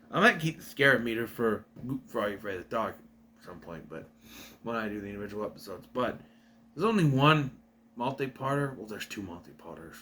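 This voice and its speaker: Bright, animated young man recapping a plot. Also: lowish voice. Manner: rambling, self-correcting. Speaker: video reviewer. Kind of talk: casual plot recap review.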